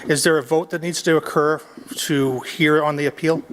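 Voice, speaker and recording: A man's voice: on the high side, fairly even intonation, moderate pace, fairly bright tone, a little hiss or hum. A man at a board meeting raising a formal point of procedure. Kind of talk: meeting discussion.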